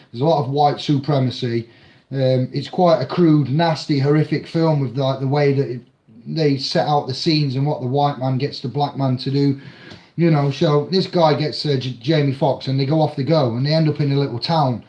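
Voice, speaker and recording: A man casually recapping a film in a rambling, halting way, with many fillers and restarts. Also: medium pitch, a little mellow. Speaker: film reviewer. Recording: dull lo-fi audio in an echoey room.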